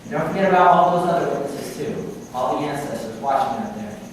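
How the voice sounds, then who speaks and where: An actor on stage playing a folksy small-town minister who narrates the play and talks straight to the audience. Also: male voice, on the high side, brisk, noisy background, close to an everyday voice. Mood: musing. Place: theatre stage. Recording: echoey hall taped from far off.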